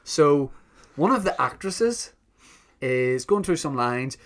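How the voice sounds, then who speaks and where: A man's voice: on the high side, takes it slowly, slight background noise. A man co-hosting a podcast, telling a story in casual chat and acting out the quotes. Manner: animated storyteller, acts out quotes with laughs. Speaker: podcast co-host.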